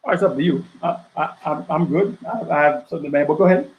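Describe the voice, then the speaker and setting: A man speaking as an author and guest on a casual podcast. His voice sits somewhat high for a man, and he drives his points home with rhetorical questions and a running "right?". The recording has a noticeable room echo. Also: expressive, quick pace, phone-quality sound.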